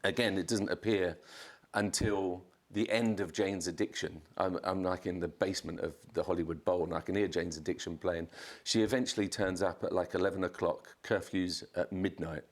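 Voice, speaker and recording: A man, a podcast guest, telling a chaotic anecdote in casual chat, swearing and jumping up in pitch to act out quotes. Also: moderate pace, few pauses. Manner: animated storyteller, swears, acts out quotes in a raised voice.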